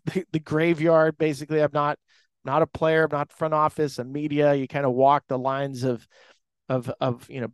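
A man's voice: on the high side, clear, resonant tone, no echo. A man hosting a baseball podcast in a casual, rambling monologue, full of restarts and fillers, talking from an airport restaurant bar. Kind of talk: casual sports talk monologue.

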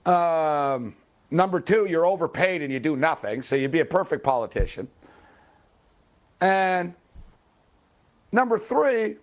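A man hosting a late-night sports talk radio show, ranting angrily and swearing at athletes, with loud high-pitched outbursts. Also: sing-song, measured pace, pauses often. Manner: angry, swearing, heckling athletes by name.

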